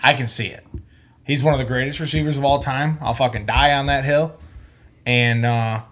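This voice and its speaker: A man's voice: medium pitch, fairly even intonation, normal speed, a bit bright. A man co-hosting a casual sports podcast, blunt and profane, who gets worked up when he makes his point. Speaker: podcast co-host.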